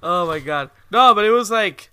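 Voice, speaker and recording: A young man co-hosting a podcast, telling stories in casual chat, laughing often and acting out quotes in high voices. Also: expressive, moderate pace, sharp tone, smooth, no room sound. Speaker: podcast co-host.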